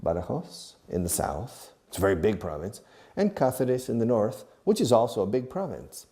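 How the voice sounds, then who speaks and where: Middle-aged man, English teacher filmed on camera; animated drilling with Spanish asides, warm low voice. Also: normal speed. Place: classroom or studio filmed by a camera operator.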